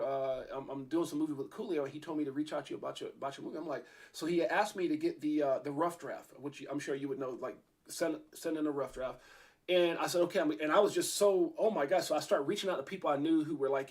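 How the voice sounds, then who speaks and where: A man hosting an interview, telling a long rambling story with many restarts and fillers. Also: a little high. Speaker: podcast host.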